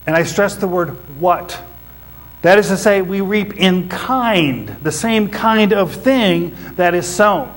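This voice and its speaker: A man with a notably high-pitched voice preaches to a congregation in church. He teaches point by point and often turns to his listeners with questions. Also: moderate pace, rough recording. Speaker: pastor. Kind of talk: sermon.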